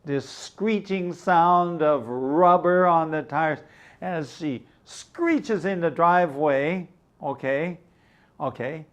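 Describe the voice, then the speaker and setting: An older man teaching English through a story, explaining words slowly and glossing them in Mandarin. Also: a little high, highs cut off.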